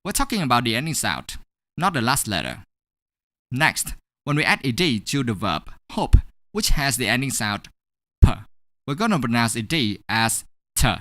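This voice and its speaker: A woman teaching English pronunciation in a scripted online lesson, over-articulating each sound slowly and deliberately. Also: a bass voice, sing-song, a bit bright, dry recording, studio quality.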